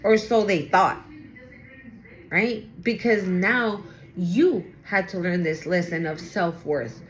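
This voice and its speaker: A woman's voice: on the low side, slow. A woman giving a casual tarot reading to camera, chatty and blunt, swearing freely and talking aloud to spirit as she goes. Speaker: tarot reader.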